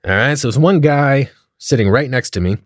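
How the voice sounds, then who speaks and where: A man telling a comedic story in a profane, animated way, acting out the dialogue as he goes. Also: medium pitch, moderate pace, no room sound, clean studio sound.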